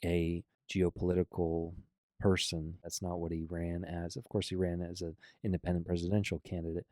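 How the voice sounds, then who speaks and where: A man with a very low, deep voice hosts a reaction commentary. He argues bluntly and emphatically, pushing back point by point. The sound is dry and close, with no room around it. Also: little pitch movement, moderate pace, warm tone, dry recording. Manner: blunt, argumentative, emphatic rebuttals. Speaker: political commentator.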